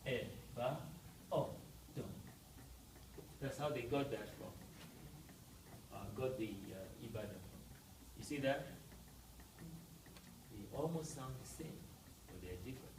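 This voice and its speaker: A man's voice: medium pitch, animated, a little slow, long pauses, echoey room, far from the mic, background noise. A man teaching a language class, explaining step by step and often checking with "right?". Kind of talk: classroom lesson.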